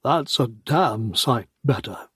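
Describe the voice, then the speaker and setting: A man voicing a male civilian doctor who speaks slowly and wryly. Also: medium pitch, lively intonation, a bit bright, slightly rough, no echo, clean studio sound, full character voice.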